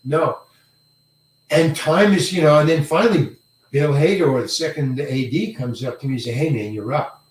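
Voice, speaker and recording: An older male actor telling a career story in an interview, halting and rambling, often repeating words and chuckling. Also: on the high side. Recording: roomy echo, mic set far away.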